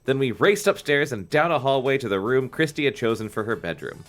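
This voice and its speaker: A man co-hosting a comedy podcast, reading a children's book aloud with jokey asides and squeaky put-on voices. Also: expressive, brisk, a bit bright, soft background music.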